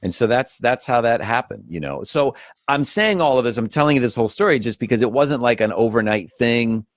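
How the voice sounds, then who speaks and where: A man's voice: medium pitch, expressive, a little fast, no echo, studio quality. A man, an actor and comedian, telling stories as a guest in a casual interview, acting out quotes with shifting voices.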